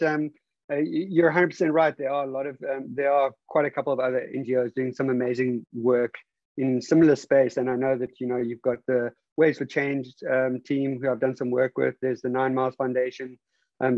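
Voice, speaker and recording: A man hosting an online interview, rambling and halting with many fillers and restarts. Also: mid-range voice, little pitch movement, darkish tone, no room sound, lo-fi sound. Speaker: interview host.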